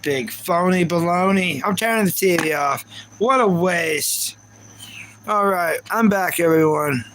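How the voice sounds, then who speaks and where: A man's voice: high-pitched, measured pace, a bit bright, slight background noise, low-quality recording. A man hosting a casual live stream, ranting in reaction and repeating himself while talking to his chat viewers. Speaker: livestream host.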